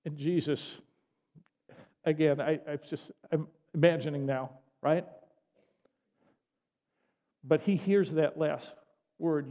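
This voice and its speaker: A man's voice: on the high side, slow pace, long pauses. Man preaching in an echoey hall. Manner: animated, conversational storytelling with asides. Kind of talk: sermon. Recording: dull lo-fi audio with long hall reverb.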